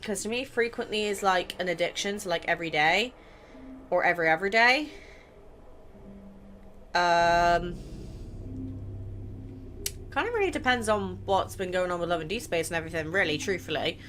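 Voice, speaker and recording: A woman's voice: fairly low pitch, normal speed, pauses often, a bit bright. Young woman gamer chatting thru a quiz game, blunt, swears a bit, faint hiss behind. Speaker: gaming content creator. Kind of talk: casual let's play commentary, reading questions aloud.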